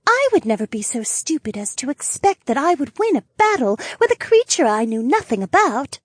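A soft-spoken golden spirit woman, put on by a male audiobook narrator with a very high, lilting voice that rises and falls. She sounds gentle and worried, and the recording is dry and close. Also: sing-song, brisk, slightly rough, dry recording, full character voice. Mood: scornful. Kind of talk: audiobook character voice.

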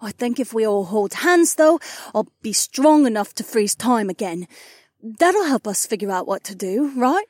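A man's voice: high voice, lively intonation, normal speed, no room sound, clean studio sound, voice pushed up. A man voicing a young princess who sounds tired and strained. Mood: hopeful. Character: strained young woman princess, time-spell caster.

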